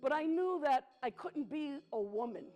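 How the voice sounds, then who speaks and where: A middle-aged woman from the Bronx, telling stories on a theatre stage and talking straight to the audience, slowing down for emphasis. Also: high-pitched, lively intonation, a little mellow. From the Bronx, New York. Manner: conversational, talks directly to the audience, slows for emphasis. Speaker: solo stage performer. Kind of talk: theatrical storytelling to a live audience.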